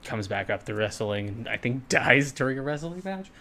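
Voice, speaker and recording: Young male podcast co-host, average pitch, relaxed and ribbing. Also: normal speed. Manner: laid-back, teasing, frequent fillers. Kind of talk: casual chat.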